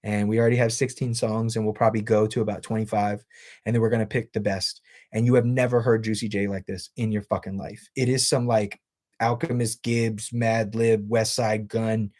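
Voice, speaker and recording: A man's voice: on the low side, little pitch movement, brisk, a little mellow. A man on a livestream reading chat questions aloud and answering them in a blunt, profane, rambling way.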